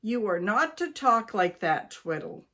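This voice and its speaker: Woman reading a brisk, firm older wife; slow, commanding delivery. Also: mid-range voice, expressive. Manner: firm, instructing.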